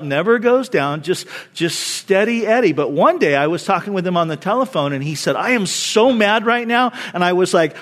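A pastor with a high-pitched voice delivers a sermon in an easy, conversational way. He tells stories and makes asides to the congregation, and his delivery stays animated throughout.

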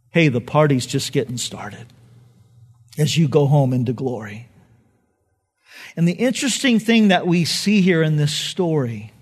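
Preaching with passion, a male pastor poses one rhetorical question after another, sinking to a quiet, low tone when he reaches his key phrases.

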